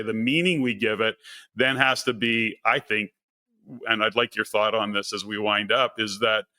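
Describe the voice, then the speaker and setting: A man's voice: lowish voice, pushed and bright. A man hosting a podcast interview, thinking aloud in long, looping sentences. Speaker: podcast host. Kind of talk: conversational interview.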